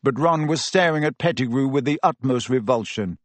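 A man reading a story aloud as narrator, in an expressive and dramatic style. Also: medium pitch, brisk, no room sound. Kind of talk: audiobook narration.

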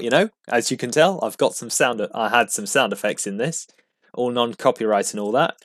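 A man's voice: mid-range voice, normal speed, no room sound. Rambling, self-deprecating man, dry sound. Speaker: podcast host. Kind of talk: casual podcast sign-off.

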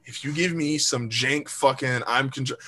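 A man co-hosting a podcast, telling a story in a casual, animated, profane way and acting out quoted lines. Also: medium pitch, moderate pace. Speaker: podcast co-host. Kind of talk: casual chat.

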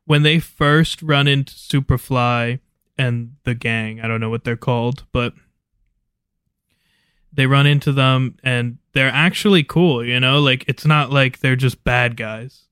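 Smooth-voiced man giving casual opinions. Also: medium pitch, steady tone, unhurried, fairly bright tone, no room sound, clean studio sound. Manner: opinionated, laid-back, swears casually. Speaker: podcast co-host. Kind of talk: casual chat.

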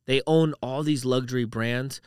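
This male podcast co-host has a steady, smooth, darkish medium-pitched voice and a moderate pace, captured in a dry, clean studio recording. He wanders through relaxed conversation, saying "like" and "dude" constantly.

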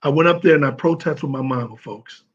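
An emotional man from St. Louis pays heartfelt tribute, stumbling over his words and repeating himself. His voice is husky. The recording is dull and lo-fi. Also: on the high side, fast talker. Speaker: former pro football player speaking at an event.

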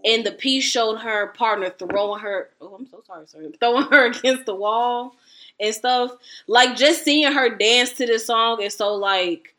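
Bright-voiced chatty young woman. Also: on the high side, unhurried. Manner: chatty storyteller, laughs often. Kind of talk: casual chat.

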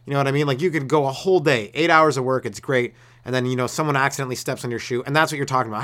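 A stand-up comedian rambles through a comedic rant on his solo podcast, his mid-range, fairly bright voice racing along very fast with few pauses. His laid-back, meandering delivery includes restarts and acted-out voices.

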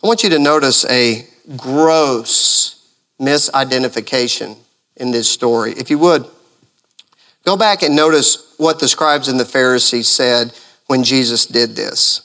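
Brief: male pastor, sermon, bright forward tone, animated, rhetorical questions. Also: mid-range voice, a little slow.

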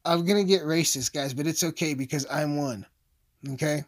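A man's voice: on the high side, moderate pace. Man ranting with constant swearing. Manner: loud, swearing, rambling rant full of asides. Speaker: vlogger. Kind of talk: profane comedic rant.

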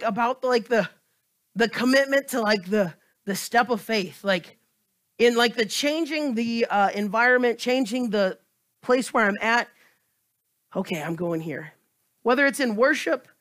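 A man preaching a sermon with passion, swinging between loud emphatic cries and hushed, close asides. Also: very high voice.

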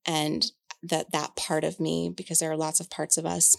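A woman's voice: sits low, flat delivery, normal speed, creaky, no room sound. Woman in her forties, podcast co-host, frank and candid, casual chat, dry close sound. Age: 40s. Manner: candid, frank, swears freely, many fillers.

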